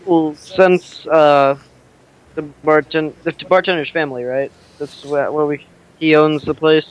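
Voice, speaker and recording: A man with a smooth, resonant, slightly high voice, declaring his character's moves hesitantly and restarting often. The sound is dull and lo-fi, like audio from a voice call. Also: fairly even intonation, unhurried. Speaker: player. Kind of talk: in-character tabletop play.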